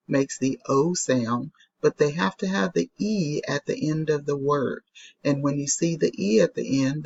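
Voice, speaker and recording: A woman's voice: low voice, creaky, slightly rough, dull audio. A woman teaching a recorded phonics lesson to young children, patiently sounding out letters and repeating them. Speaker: elementary school teacher.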